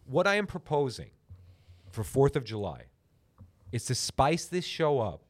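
A man's voice: medium pitch, very animated, unhurried. A man hosting a podcast in comedic casual chat, rambling and joking with self-mocking bravado. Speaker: podcast host. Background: guitar music.

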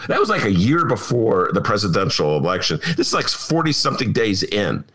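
Animated sarcastic middle-aged man. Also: fairly low pitch, a little fast, a little hiss or hum. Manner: animated, sarcastic, mocking impressions. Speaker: podcast host. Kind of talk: opinionated political talk.

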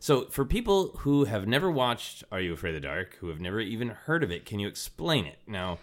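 Joking podcast host with a mid pitch. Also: very animated, fairly quick. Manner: joking, teasing, laughs often. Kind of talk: casual comedic chat.

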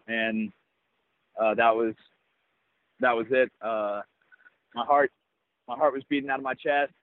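A young adult man, a baseball player, telling a personal story in an interview in an earnest, reflective way with halting restarts. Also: mid-range voice, fairly even intonation, dry recording. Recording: tinny phone-like, dry sound.

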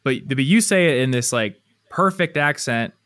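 A man's voice: mid-range voice, expressive, normal speed, fairly bright tone, dry recording. Teasing male podcast co-host, dry sound. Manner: teasing, playful. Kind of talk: casual chat.

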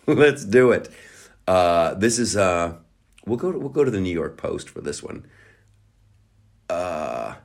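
Low-voiced guy ranting on his podcast, swears a lot, sarcastic, rambles. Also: very animated, takes it slowly, gravelly, long pauses, a little mellow. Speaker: podcast host. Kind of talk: crude comedic rant.

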